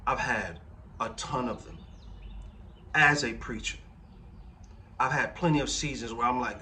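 Pastor, man, forties, bright voice, conversational sermon, slightly distant mic. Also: mid-range voice, a little slow, pauses often, slight background noise. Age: 40s. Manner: conversational preaching, rhetorical questions to the congregation.

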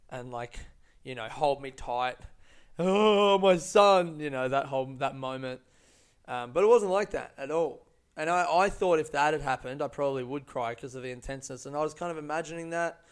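A man's voice: medium pitch, smooth. A man telling a personal story in a casual monologue, rambling and profane with many fillers and restarts.

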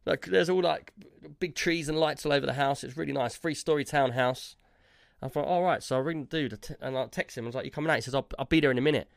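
A man's voice: a little high, quick pace, vocal fry, no room sound, clean studio sound. A man, a podcast co-host telling a rambling story in casual chat, tagging his lines with "yeah?" and "like".

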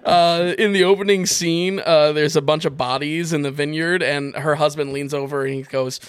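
A man co-hosting a podcast, reviewing films in casual chat, wry and quick to laugh at his own stories. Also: fairly high pitch, fairly even intonation, smooth, no echo, clean studio sound. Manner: wry, laughs often while telling stories. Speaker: film reviewer, podcast co-host.

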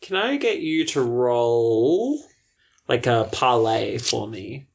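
A woman's voice: extremely low pitch, very animated, slow pace, darkish tone, a little hiss or hum. A woman running a tabletop game as game master, narrating with wry, dry remarks.

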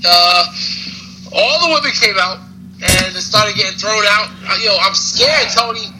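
A man's voice: sits high, unhurried. A man co-hosting a casual wrestling recap podcast, rambling and joking with many fillers. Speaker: podcast co-host. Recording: noisy background.

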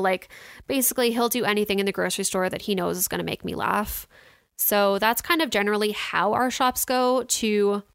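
A young woman talks through her week in a casual vlog, candid and chatty, full of fillers. Her voice is smooth and resonant. The sound is close and dry, with no room around it. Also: medium pitch, fairly bright tone, dry recording. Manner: chatty, candid, lots of "like" and "you know" fillers. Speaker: vlogger. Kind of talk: casual personal storytelling.

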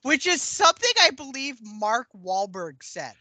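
A woman's voice: fairly high pitch, big pitch swings, unhurried, pushed and bright, no echo. A woman co-hosting a podcast in casual movie chat, hesitant and trailing off mid-thought. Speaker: podcast co-host.

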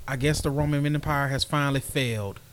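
A man's voice: mid-range voice, steady tone, a little fast. A man co-hosting a casual sports podcast, with laid-back, teasing banter. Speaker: podcast co-host.

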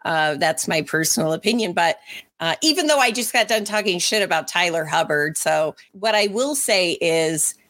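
A woman co-hosting a casual podcast, telling stories about meeting celebrities in an animated, chatty way. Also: on the low side, normal speed. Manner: chatty and animated, acts out voices in her stories. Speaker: podcast co-host and former radio interviewer. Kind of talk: casual storytelling chat.

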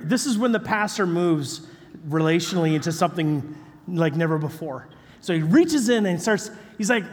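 Pastor guy telling a story from the pulpit, kinda high voice, lively, big echoey church. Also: fairly quick. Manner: animated, acts out quoted voices. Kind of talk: sermon storytelling. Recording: long hall reverb.

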